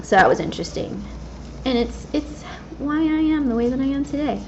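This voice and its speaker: A woman's voice: high voice, animated, a little fast, vocal fry, darkish tone. A woman in her twenties talking candidly and casually while she plays a game, rambling with many fillers. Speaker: gaming vlogger. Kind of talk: casual personal talk while gaming. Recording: slightly dull lo-fi mic with faint background hiss.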